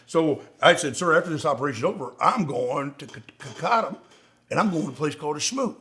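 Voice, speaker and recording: A man's voice: on the high side, brisk, background noise. A middle-aged man, a veteran co-host, telling war stories in casual chat and acting out the dialogue in a raised voice. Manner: animated, profane, acts out dialogue in raised voice. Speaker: podcast co-host, Marine veteran.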